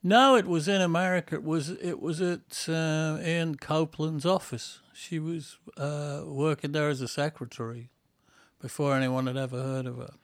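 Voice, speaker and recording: A man's voice: on the high side, fairly even intonation, moderate pace, no room sound. Male host, diary read-aloud, dry wit. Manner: dry, wry delivery. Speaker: podcast host. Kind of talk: reading a tour diary aloud, then casual chat.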